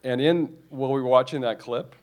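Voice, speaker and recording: A man's voice: mid-range voice, a little fast, a little mellow. A man preaching a sermon, emphatic and repetitive, often restarting his phrases.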